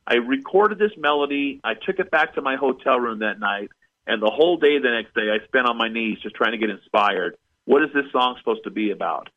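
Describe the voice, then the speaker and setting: A man's voice: medium pitch, a little fast, phone-quality sound. A man telling a long personal story as a guest in an interview, acting out the people he quotes. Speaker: guest musician.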